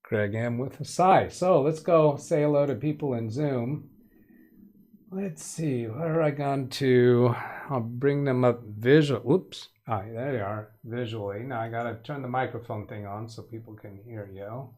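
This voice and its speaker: Unhurried and slightly dark in tone, a man's mid-range voice hosts a casual home-studio livestream offering tech help. He chats easily, greeting viewers by name and cracking gentle puns.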